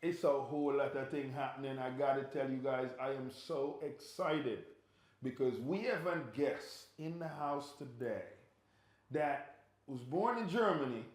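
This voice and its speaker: A man's voice: medium pitch, lively intonation. Man hosting, roomy sound. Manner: enthusiastic, quick affirmations. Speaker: host. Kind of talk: casual interview hosting.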